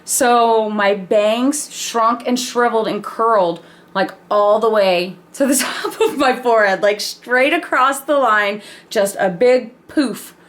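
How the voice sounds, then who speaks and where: Woman vlogger telling a funny story, animated, slightly high voice, swears casually. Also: takes it slowly. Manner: animated, laughing, frank with swearing.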